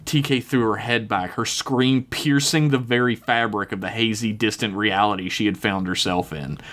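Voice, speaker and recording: Low-voiced man narrating a tabletop game. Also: steady tone, moderate pace, fairly bright tone. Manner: dramatic, swearing, laughs often. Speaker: game master.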